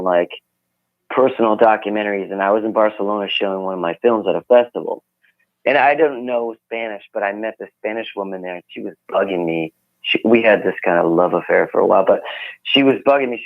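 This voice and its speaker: Low-voiced man on a tinny phone line. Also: no room sound. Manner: relaxed, rambling storyteller. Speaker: guest musician. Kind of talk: casual phone interview. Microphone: phone call.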